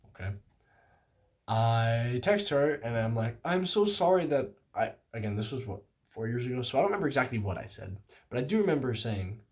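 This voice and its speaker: A young man in his late teens or twenties telling a story, casual and self-mocking, with many fillers and some playful exaggeration. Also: on the low side. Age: young adult. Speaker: vlogger.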